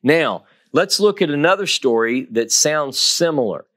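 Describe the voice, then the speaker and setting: A man's voice: fairly high pitch, expressive, a little slow, a bit bright. A man giving a Torah teaching, reading scripture dramatically and stressing key phrases by repeating them. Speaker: Bible teacher.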